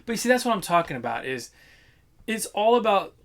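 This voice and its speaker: A man, talking casually with a slightly high voice. He tells work stories in an animated way, swearing freely and acting out the people he quotes. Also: fairly quick, vocal fry. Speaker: podcast co-host. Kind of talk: casual chat.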